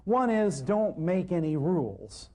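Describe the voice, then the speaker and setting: A man lecturing on natural healing to a live audience, animated and joking, acting out exchanges with patients and hammering points home by repeating them. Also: high voice, measured pace. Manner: emphatic, repeats points for effect. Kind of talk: live seminar talk to an audience.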